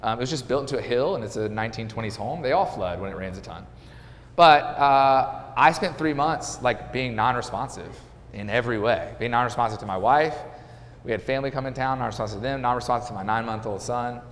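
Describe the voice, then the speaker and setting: A man in his thirties, a podcast guest and real estate agent, telling a candid personal story in a halting, conversational way. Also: medium pitch, in a large hall. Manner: conversational, halting with restarts and fillers.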